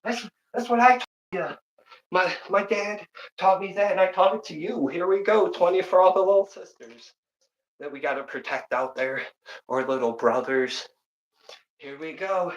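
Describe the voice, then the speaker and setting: A man live-streaming a home workout, counting reps aloud and telling animated family stories in casual chat. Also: high-pitched, normal speed, highs cut off. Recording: roomy echo.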